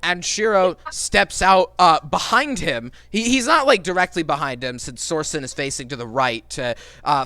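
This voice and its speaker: A man narrating as game master of a tabletop role-playing game, animated and rambling, swearing now and then. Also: on the high side, smooth, no echo. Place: home streaming setup.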